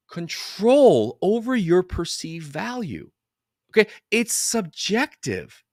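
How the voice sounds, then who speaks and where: A man's voice: on the high side, no echo, clean studio sound. A man coaching chiropractors in a casual live-streamed talk, rambling and swearing freely as he keeps checking in with his audience. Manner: animated and rambling, with casual swearing and frequent check-ins with listeners.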